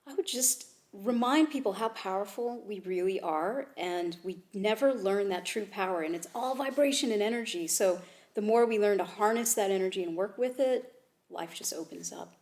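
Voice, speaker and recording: A woman guest who works as an energy healer, explaining her work calmly and encouragingly. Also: medium pitch, normal speed. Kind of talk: casual interview talk.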